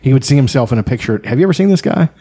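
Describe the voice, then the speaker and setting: A man's voice: medium pitch, lively intonation, very fast, mellow. A man in casual podcast chat, blunt and profane, telling stories with animation. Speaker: podcast co-host.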